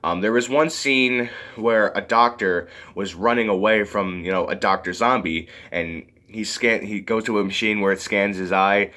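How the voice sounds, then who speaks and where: A man's voice: lowish voice, moderate pace, hardly any pauses, sharp tone. A man reviewing a movie in a casual, rambling way, full of fillers and often giggling.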